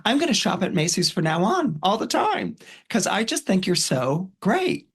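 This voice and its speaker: A man's voice: sits high, big pitch swings, normal speed, a bit bright, breathy edge, voice pushed up, exaggerated voice. A man voicing a harried, exasperated working mother from a film scene he is retelling, talking in long gushing run-ons.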